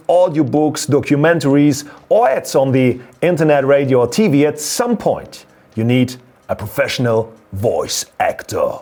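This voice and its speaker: A man's voice: mid-range voice, a little mellow. A man in his thirties with a German accent, explaining things in an upbeat vlog, lifting his voice for emphasis. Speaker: photography YouTuber and former radio presenter.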